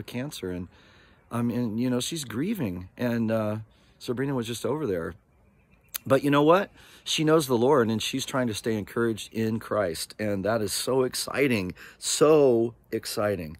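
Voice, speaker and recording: Man, sixties, from Oregon, casual vlog, rambling, very lively pitch. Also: no room sound. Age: 60s. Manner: animated, rambling, with frequent asides and laughs. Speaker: vlogger.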